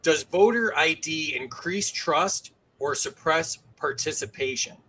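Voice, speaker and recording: A man hosting an online panel game show, briskly reading out questions and calling on each guest. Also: fairly high pitch, bright, forceful tone, slightly rough, low-quality recording.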